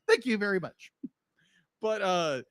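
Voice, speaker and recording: Male co-host, high animated voice, loose rambling delivery with frequent laughs. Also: slow pace. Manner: rambling, lots of fillers and laughter. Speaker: podcast co-host. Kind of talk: casual review chat.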